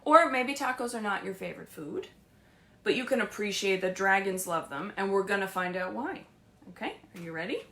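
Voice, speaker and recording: A woman librarian reading picture books aloud to young children in a sing-song, animated storytelling voice, often asking them questions. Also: medium pitch, fairly quick. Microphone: streamed live.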